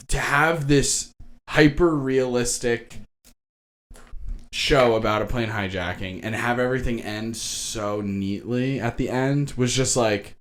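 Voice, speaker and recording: A young man co-hosting a podcast, reviewing a movie in casual chat and acting out lines with sudden high jumps. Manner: animated, acts out quotes with big pitch jumps. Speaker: podcast co-host.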